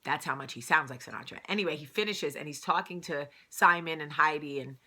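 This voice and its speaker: A woman's voice: low voice, a little fast, bright, forceful tone. A woman with a New Jersey accent hosting a casual morning vlog, chatty and rambling, laughing at herself often. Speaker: vlog host. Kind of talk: casual morning chat to camera.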